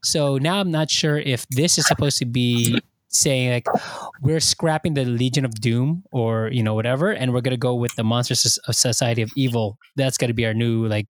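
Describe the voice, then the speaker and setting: A man chatting casually about a film, his voice recorded close and dry with no room sound. He rambles through the story, stopping and restarting, and acts out the lines in an animated way. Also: mid-range voice, a little fast, dry recording. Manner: rambling, animated retelling with many fillers and restarts. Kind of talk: casual chat.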